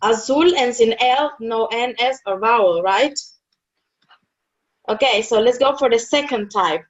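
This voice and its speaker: Speaking unhurriedly in a fairly high voice, a Spanish tutor walks her student through the rules one step at a time. She repeats the important words and makes sure the student keeps up, all captured on a dull, lo-fi recording.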